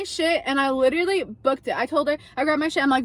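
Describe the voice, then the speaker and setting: A young adult woman casually telling a story to camera, animated, swearing freely and acting out what people said. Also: high voice, fairly quick, hardly any pauses, no echo. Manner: animated, swearing, acts out quotes.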